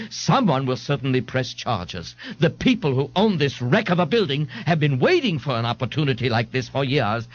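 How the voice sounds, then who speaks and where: A man's voice: on the high side, voice pushed up. A man voicing a pompous, fussy young man who speaks in an overly formal, indignant way, recorded on dull lo-fi tape. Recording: dull lo-fi dry studio tape.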